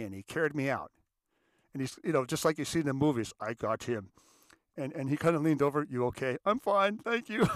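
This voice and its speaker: In a mid-range voice recorded with studio quality and no room sound, a middle-aged podcast host shares a reflective personal story from his own show. He keeps it conversational and acts out the quotes as he goes.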